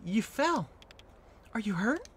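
Bossy, anxious teenage girl, lifted higher, read aloud by a streamer, lively delivery. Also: takes it slowly, breathy edge, full character voice. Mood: worried scolding. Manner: scolding, anxious. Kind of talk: game dialogue read aloud.

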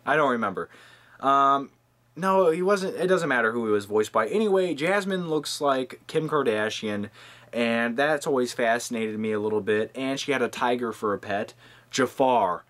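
A man in his twenties rambling and joking through a casual movie countdown vlog, with lively asides to his viewers. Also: mid-range voice, moderate pace. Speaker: movie-review vlogger.

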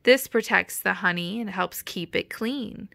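A woman's voice: mid-range voice, unhurried, creaky, a bit bright, no room sound. A woman voicing a gracious, welcoming female queen bee in a children's storybook read-aloud.

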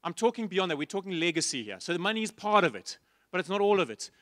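Guy preaching in church, high-ish voice, fired-up rhetorical questions then soft quiet bits, dry sound. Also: big pitch swings, fast, no echo. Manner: impassioned, repeated rhetorical questions to the congregation; shifts between loud emphasis and soft, low asides. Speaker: pastor. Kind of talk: sermon. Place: church stage.

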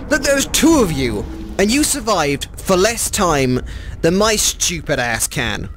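A gaming YouTuber playing a VR horror game, chatty and swearing, who talks to the monsters in a mock bro voice and shrieks when scared. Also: male voice, a little high, a bit bright, slight background noise. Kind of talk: comedic VR horror let's play.

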